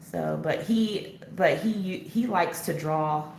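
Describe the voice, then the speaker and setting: A woman's voice: on the low side, takes it slowly, gravelly, a little mellow. A woman hosting a casual live coloring chat, answering viewer comments as she works and laughing often. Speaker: coloring channel host. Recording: echoey room, faint background noise.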